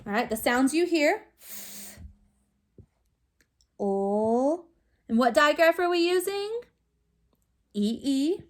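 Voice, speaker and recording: A woman teacher giving a remote phonics lesson to young children, sounding out words slowly with patient step-by-step prompts. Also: high voice, lively intonation.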